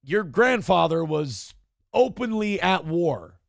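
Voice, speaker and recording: A man's voice: high voice, big pitch swings, slow, gravelly, no echo, clean studio sound, heavily acted. A man voicing a blunt, unapologetic male CIA agent who talks in a crude, matter-of-fact way.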